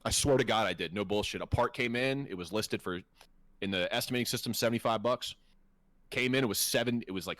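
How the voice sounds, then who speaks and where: A man's voice: mid-range voice, a bit bright, dry recording. A man co-hosting a podcast, talking in a casual, heated way, swearing freely and laughing often. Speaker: podcast co-host. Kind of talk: casual profane chat.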